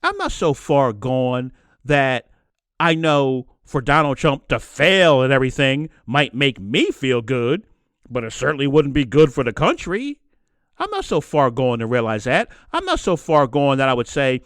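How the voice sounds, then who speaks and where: A man rants through a solo podcast episode, circling back on his own phrases to drive each point home. His voice sits high and swoops up and down. The sound is close and dry, with no room around it. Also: sing-song, normal speed, a bit bright, no room sound. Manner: impassioned, preachy, repeats phrases for emphasis. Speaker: podcast host. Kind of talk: solo opinion monologue.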